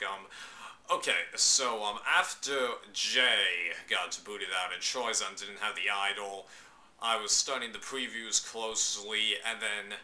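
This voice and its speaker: A man's voice: fairly low pitch, pushed and bright. A man giving his opinions in a casual, chatty vlog, loose and slangy, with bursts of exclamation. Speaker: vlogger reviewing a reality show.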